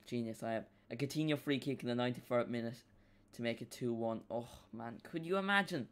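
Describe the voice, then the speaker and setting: A young man streaming a football watch-along, rambling and excitable as he chats with his viewers. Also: mid-range voice, fairly quick, clear, resonant tone.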